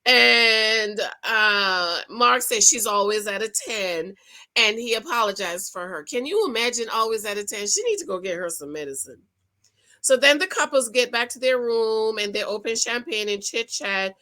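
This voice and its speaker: A woman giving a sassy, animated recap of a reality TV episode, talking straight to her viewers. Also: on the high side, normal speed. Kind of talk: casual recap commentary.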